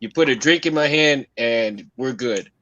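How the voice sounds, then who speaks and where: A man's voice: mid-range voice, moderate pace, sharp tone, a little hiss or hum. A man in a casual chat, chiming in with short agreeing remarks. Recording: dull lo-fi sound.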